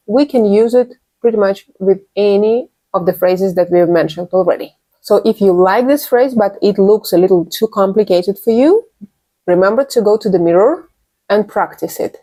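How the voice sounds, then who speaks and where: A woman gives an English lesson in a clear, patient voice. She says each example phrase twice and stresses it so learners can copy it. Her pitch sits in an ordinary middle range. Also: moderate pace, mellow. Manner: clear, patient teaching with repeated model phrases. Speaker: English teacher.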